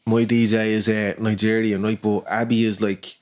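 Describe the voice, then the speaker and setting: A man's voice: on the low side, flat delivery, normal speed, darkish tone. A man with a Dublin accent, a rapper guest on a podcast, chatting casually and telling stories animatedly, swearing freely. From Ireland.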